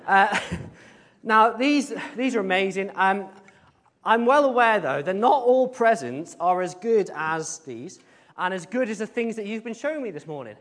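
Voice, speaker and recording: A man's voice: high-pitched, expressive, measured pace, a bit bright. A man leading an informal all-age church service, chatting with the congregation, often hesitating with ums and playful asides. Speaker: service leader.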